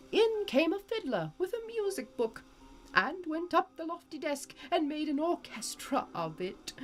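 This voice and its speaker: A woman streamer giving a live, expressive reading of a classic novel. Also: high voice.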